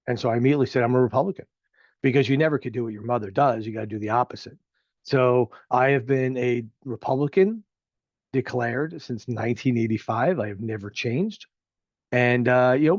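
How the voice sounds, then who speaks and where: A middle-aged man from New Jersey rambles through opinionated local commentary, loose and chatty, full of filler words. His voice sits at an ordinary middle pitch. The recording is close and dry, with a slightly muffled, dull tone. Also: darkish tone, no echo. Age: 50s. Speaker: show host.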